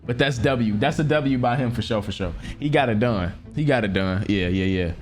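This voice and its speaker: A man's voice: medium pitch, normal speed, a little mellow, soft background music. A young man streaming, reacting to stories in emphatic, slangy casual talk aimed at his chat.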